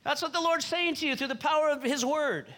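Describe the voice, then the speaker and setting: Male pastor preaching with fervour; bright, forceful voice. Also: very high voice, fairly quick. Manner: fervent preaching, repeats phrases, urges the congregation. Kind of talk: sermon.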